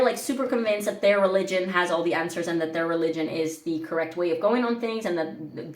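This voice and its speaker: A woman reads tarot casually to camera in a mid-range voice, her sound reverberant through the camera mic. Her delivery is chatty and meandering, with "like" cropping up again and again.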